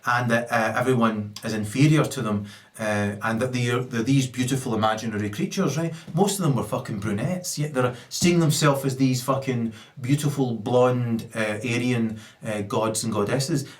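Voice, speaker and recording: A Scottish man delivering a profane stand-up rant, swinging between muttered asides and loud outbursts. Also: medium pitch, moderate pace. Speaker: stand-up comedian.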